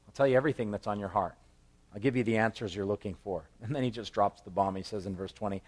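A man preaching verse by verse through a Bible passage in a relaxed, conversational way, breaking into animated voices for the people he quotes and chuckling at his own asides. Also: fairly low pitch, brisk. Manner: quotes scripture with lively acted voices. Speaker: pastor. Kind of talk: expository Bible teaching.

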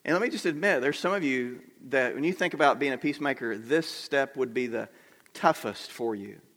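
A man's voice: mid-range voice, a little fast, fairly bright tone. A middle-aged man preaching a sermon to his congregation in a conversational way, asking them questions as he goes. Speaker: pastor. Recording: long reverb of a large hall.

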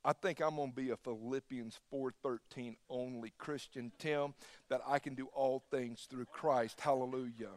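A man preaching a sermon in an emphatic style, switching between loud bursts and quiet, hushed asides. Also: mid-range voice, steady tone, normal speed, no room sound. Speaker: pastor.

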